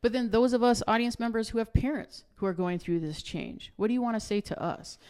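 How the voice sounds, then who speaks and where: A middle-aged woman hosting a podcast, telling a story in a lively way and acting out the voices of the people in it. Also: a little high, brisk, clear, resonant tone. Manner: lively, acts out quoted voices in her stories. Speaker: podcast host. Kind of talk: animated storytelling in conversation.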